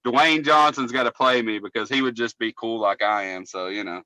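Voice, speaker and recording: This podcast co-host, a cable technician, rambles through long, profane stories in casual talk. His mid-range voice moves fairly quickly with a sharp edge, and the recording is dry and rough.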